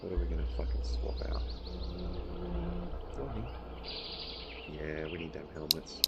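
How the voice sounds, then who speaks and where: A young male gaming streamer swears and rants in exasperation over bad loot during live gameplay commentary. His voice is rumbling and low, a bit slow and gravelly, with the highs cut off. The recording is very noisy, with loud game sounds in the background.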